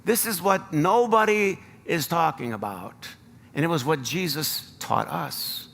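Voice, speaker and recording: American male pastor, preaching, earnest, fairly high voice, long church reverb. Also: animated, unhurried, vocal fry, fairly bright tone, a little hiss or hum. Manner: earnest, rising to emphatic appeals. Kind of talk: sermon. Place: church sanctuary.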